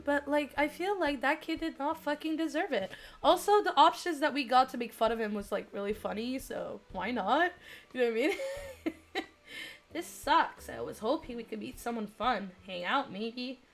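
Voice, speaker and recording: A young woman streaming, reading a dating game aloud and chatting with viewers, excitable with squealing laughs. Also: sits high, normal speed.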